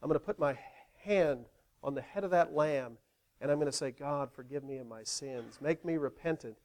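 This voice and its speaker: A man's voice: a little high, normal speed, darkish tone, close to an everyday voice. A man acting out an eager ancient Israelite man speaking earnestly, in a sermon. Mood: eager, hushed.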